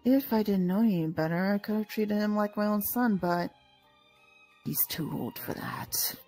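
A woman's voice: medium pitch, moderate pace, mellow, faint music behind, close to an everyday voice. A woman playing a motherly older woman who dotes on a young hero and playfully pries into her friend's feelings, in a fan audio drama. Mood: tender, wistful. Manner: playfully prying, mock-stern.

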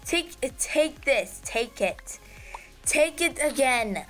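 A woman giving casual, excitable gameplay commentary as host of her gaming channel, giggling and squealing with delight. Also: fairly high pitch, measured pace, music in the background.

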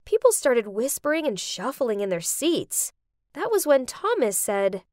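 Expressive young woman narrating a story. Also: on the high side, unhurried, no room sound, studio quality. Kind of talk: scripted narration for an animated story.

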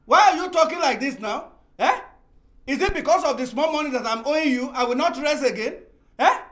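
An older retired chief with a Nigerian accent, coaxing and dismissive as he dodges a debt. His voice sits very high. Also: lively intonation, fairly quick, fairly bright tone. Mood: evasive. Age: 60s. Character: evasive older male debtor, a retired chief. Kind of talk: sitcom acting.

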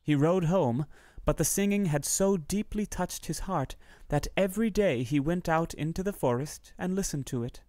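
A man reads a fairy tale aloud in a steady, measured way. His voice sits a bit high for a man. The recording is close and dry, with no room sound. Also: dry recording. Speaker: narrator. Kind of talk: storybook reading.

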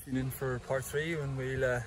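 A young man with an Irish accent talks casually to his camera, wandering off into asides and fillers. His voice sits in a middle pitch. Steady noise runs behind him throughout. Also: moderate pace. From Ireland. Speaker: rower vlogging his trip. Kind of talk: casual vlog chat. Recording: clear background noise.

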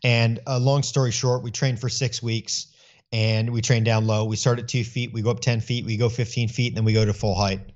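A middle-aged man speaking earnestly in an interview, telling stories with animated voicing of his own thoughts. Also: medium pitch, a little fast, dull audio. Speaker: guest. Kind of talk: conversational interview.

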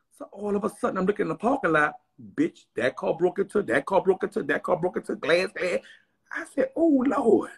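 A man telling a dramatic story to his viewers in a loud, slangy rant that bursts into shouting. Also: high voice, husky.

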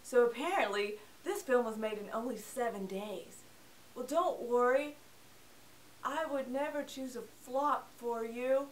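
Young female film-review host, sarcastic and chatty, slightly high voice, recorded a little off-mic. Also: a little slow. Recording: voice a bit distant from the mic.

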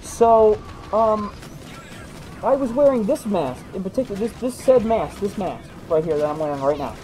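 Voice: medium pitch, lively intonation, normal speed, dark tone, soft background music, poor audio. A video game host chatting casually while playing, rambling through stories with many restarts. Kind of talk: casual let's-play commentary.

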